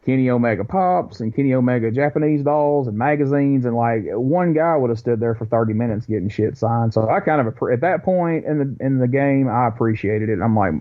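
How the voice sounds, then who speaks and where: Male podcast co-host, animated storyteller, average pitch, dull audio. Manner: animated storyteller, quick bursts, acts out quotes. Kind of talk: casual storytelling chat.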